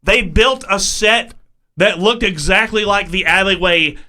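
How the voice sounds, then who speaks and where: A high-voiced man gives amused commentary in a casual podcast conversation. His voice is bright and forward. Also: unhurried. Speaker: podcast co-host. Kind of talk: casual movie-review chat.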